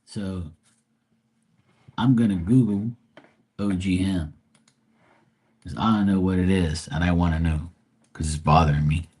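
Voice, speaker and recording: A man's voice: sits low, steady tone, normal speed, pauses often, darkish tone, slightly rough. A man giving a casual live tarot reading, reading card text aloud and chatting loosely with plenty of fillers. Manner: casual, rambling with many fillers. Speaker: tarot reader.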